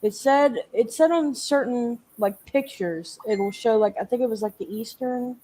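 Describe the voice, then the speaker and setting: A woman's voice: on the high side, measured pace, mellow. A woman hosting a live panel chat, talking casually and rambling, often restarting her sentences. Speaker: host.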